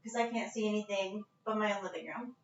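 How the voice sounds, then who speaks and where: A woman's voice: medium pitch, fairly even intonation, fast, roomy sound, distant mic, highs cut off. A woman leading a live-streamed yoga class from her living room, casual and chatty, a little out of breath. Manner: casual, chatty, breaks into laughs. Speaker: yoga instructor. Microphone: phone set at a distance.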